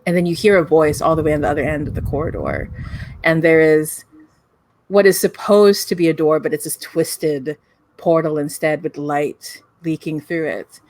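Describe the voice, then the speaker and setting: A woman running a tabletop game as game master, painting scenes in long descriptive runs. Her voice sits on the low side, and she leans on "like" and "right?" as she goes. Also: moderate pace, a little mellow. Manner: descriptive, filler-heavy with "right?" and "like".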